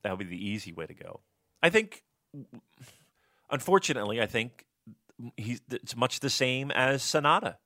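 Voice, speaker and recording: Man, radio sports reporter turned pundit; profane, blunt, animated; bright, tense timbre. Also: lowish voice, no room sound, studio quality. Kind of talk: casual podcast storytelling and opinion.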